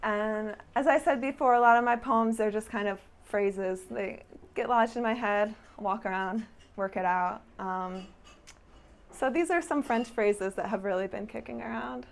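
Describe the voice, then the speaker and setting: A young woman performs spoken-word poetry in a small live venue, her voice sitting a little high. She recites slowly and rhythmically, lingering on each line. Between poems she turns chatty and laughs easily. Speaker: poet.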